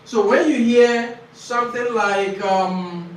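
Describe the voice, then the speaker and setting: A man teaching a classroom exam-prep lesson, explaining slowly, repeating key phrases and quizzing his students. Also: extremely high pitch, a little hiss or hum. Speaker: IELTS tutor. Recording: echoey classroom from far off.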